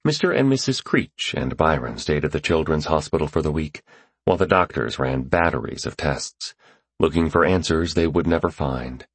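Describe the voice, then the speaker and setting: A man reading a novel aloud as narrator, in measured, even storytelling. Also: a bass voice, slightly rough, no room sound. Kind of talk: scripted audiobook narration.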